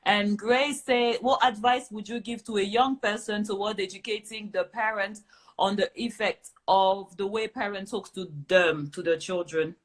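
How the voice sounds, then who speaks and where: A woman's voice: mid-range voice, steady tone, moderate pace. A woman hosting a live discussion, reading out viewer comments and questions and agreeing with them. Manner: affirming, reads out comments and questions. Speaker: host.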